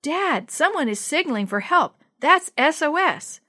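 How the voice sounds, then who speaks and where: Storybook son, earnest and urgent, high bright voice woman reading. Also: sing-song, a little slow, full character voice. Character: earnest boy, the father's son.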